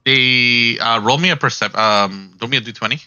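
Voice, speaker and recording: A man running a tabletop game as game master, narrating in a rambling, halting way. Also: medium pitch, sharp tone, clear, resonant tone, no room sound. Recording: dry, dull lo-fi mic.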